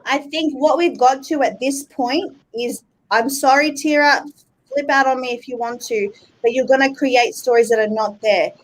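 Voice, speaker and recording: A woman's voice: sits high, normal speed, rough recording. A woman arguing bluntly on a live stream, exasperated and swearing. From Australia. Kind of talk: heated live stream argument.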